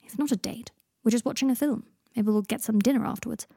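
A woman's voice: a little high, quick pace, warm tone, husky, dry recording, studio quality. A woman voicing a posh, gloomy young wizard man who talks in a dramatic, sulky way, in a storybook reading. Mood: wistful.

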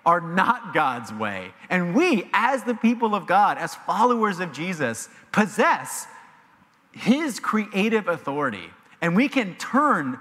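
A man delivers a sermon from the pulpit in an animated, emphatic way. His voice sits a little high and bright, rising and falling widely. The church sanctuary leaves a long reverb trailing behind him. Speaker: pastor. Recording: long reverb of a large hall.

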